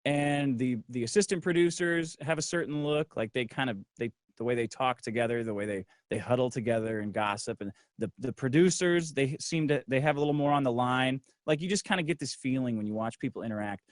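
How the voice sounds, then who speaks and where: Middle-aged guy cussing through a story, dry close mic, drops low to act out other people. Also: fairly quick, few pauses, no echo. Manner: profane, brash storytelling; acts out others' lines in a low voice. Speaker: guest. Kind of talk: casual storytelling on a livestream.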